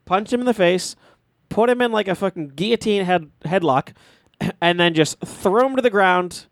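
A man's voice: high voice, moderate pace, no echo, clean studio sound. A man from Massachusetts, telling a rambling, profane school story on a podcast and acting out the quotes. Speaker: podcast co-host. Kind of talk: casual storytelling chat.

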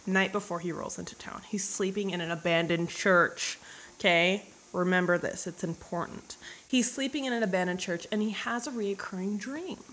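A young woman casually recapping a novel for laughs, crude and irreverent, slipping into quick voices for the characters. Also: medium pitch, fairly bright tone, slight background noise. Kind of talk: casual comedic book recap.

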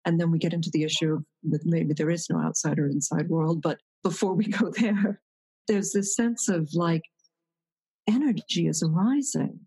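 Husky-voiced woman, thoughtful teacher. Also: on the low side, moderate pace, mellow, low-quality recording. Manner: thoughtful, searching, many restarts. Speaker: meditation teacher. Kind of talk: reflective conversation.

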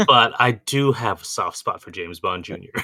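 A male co-host chats with easy enthusiasm, his voice sitting low but ringing bright. He wanders into side remarks and laughs often. The sound is close and dry. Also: unhurried, vocal fry, no echo. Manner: animated, laughs often, trails into asides. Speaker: podcast co-host. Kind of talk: casual chat.

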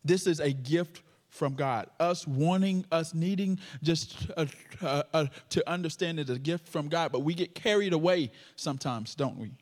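A man's voice: a little high, normal speed. A man preaching a sermon with a stutter, joking playfully with the congregation. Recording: long hall reverb.

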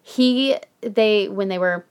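A woman co-hosting a podcast, chatty and animated, casually telling a true haunted story with some swearing. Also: mid-range voice, takes it slowly, smooth.

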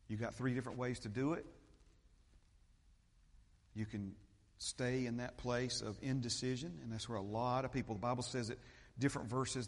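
Preaching man in an echoing hall. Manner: preaching, swings between loud fervent peaks and low steady teaching. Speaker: pastor. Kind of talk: sermon. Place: church sanctuary.

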